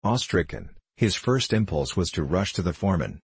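A man narrating a classic story aloud in a measured, formal storytelling manner. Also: sits low, animated, breathy edge, dry recording. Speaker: audiobook reader.

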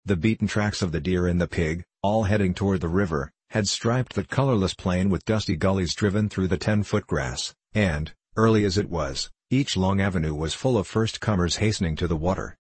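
Deep, husky male storybook narrator. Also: moderate pace, hardly any pauses, no room sound. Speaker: audiobook narrator.

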